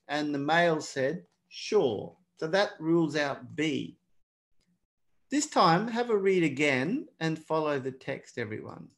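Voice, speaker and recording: A man's voice: on the high side, animated, a little slow. A man teaching a live online exam prep class in a casual, chatty way, often calling out to everyone. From not British. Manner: chatty, keeps addressing everyone.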